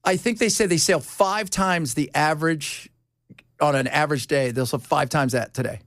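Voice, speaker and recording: A man's voice: fairly high pitch, moderate pace, a bit bright, dry recording. A man hosting a talk radio show, chatting casually in the studio, rambling and laughing often.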